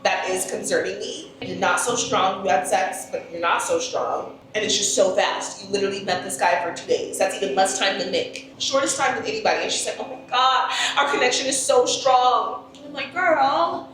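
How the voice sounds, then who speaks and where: A woman co-hosting a recap podcast, opinionated and animated, jumping into high exaggerated voices as she reacts. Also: a little fast, hardly any pauses, distant mic. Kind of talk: casual chat recapping a reality show. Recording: echoey room, a bit off-mic, faint background noise.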